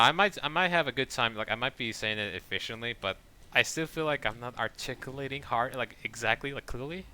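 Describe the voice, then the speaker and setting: Guy streaming a game, chatty and rambly, kinda low voice, says he talks too fast. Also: bright, forceful tone. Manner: rambling, self-describes talking too fast. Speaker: gaming streamer. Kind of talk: casual gameplay commentary.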